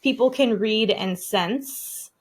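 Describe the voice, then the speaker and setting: A woman's voice: on the high side, takes it slowly. A woman around thirty, a breathwork coach on a podcast, talking in a chatty way with lots of 'like' and casual swearing.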